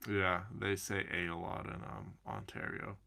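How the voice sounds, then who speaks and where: Slow, gravelly man chatting. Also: low-pitched, expressive, pushed and bright. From Canada. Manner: rambling, addresses viewers by name. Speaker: streamer answering chat. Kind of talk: casual chat.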